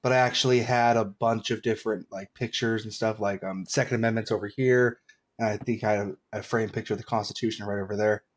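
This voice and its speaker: A man's voice: fairly low pitch, fairly even intonation, fast talker, a little hiss or hum. A man talking as a guest in a casual online chat, rambling with many filler words.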